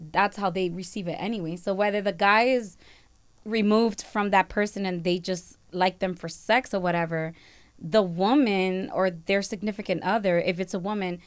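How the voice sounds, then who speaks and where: A woman co-hosting a podcast, talking casually and making her points firmly and with emphasis. Her voice sounds smooth and clear, sitting at an ordinary pitch. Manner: emphatic, firm opinions. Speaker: podcast co-host. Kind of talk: casual chat.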